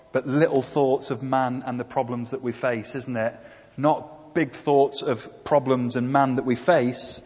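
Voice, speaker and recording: A man's voice: mid-range voice, husky. A man giving a conversational sermon with slides, often asking his listeners tag questions. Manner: conversational, asks the congregation tag questions, hesitant fillers. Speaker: preacher. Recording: dull, echoey hall recording.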